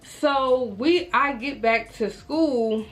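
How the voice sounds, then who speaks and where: Young woman, casual storytime vlogger, lively and chatty, addresses viewers directly. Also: sits high, slow. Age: young adult. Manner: animated, talks straight to viewers, acts out her own reactions.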